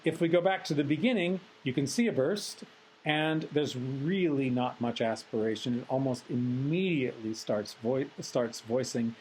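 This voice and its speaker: A man teaching a recorded software tutorial lecture, methodical and explanatory with frequent ums. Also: mid-range voice, slight background noise, poor audio. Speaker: instructor.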